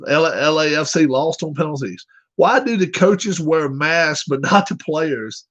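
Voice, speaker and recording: Brief: slow, unhurried man, a bit higher-pitched, rambling casual stream chat, muffled lo-fi sound. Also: fairly bright tone. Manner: rambling, joking, reads comments aloud. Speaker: streamer chatting with viewers. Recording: dull lo-fi recording.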